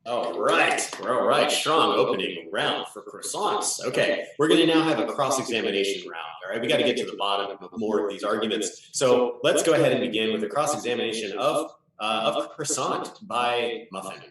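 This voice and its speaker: A man's voice: on the low side, lively intonation, a bit bright. Upbeat man hosting in an echoey room. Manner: upbeat, brisk emcee patter. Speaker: game show host and judge. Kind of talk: hosting an improv game show. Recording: roomy echo, distant from mic.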